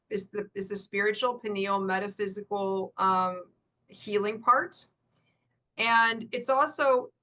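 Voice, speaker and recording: A middle-aged woman coach, a guest in an interview, telling a story in lively bursts and laughing often. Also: medium pitch.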